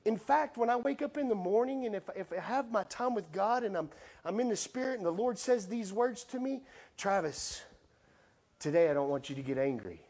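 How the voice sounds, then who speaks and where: Male pastor, middle-aged, higher voice, lively sermon delivery with playful asides. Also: moderate pace. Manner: animated preaching with playful acted asides.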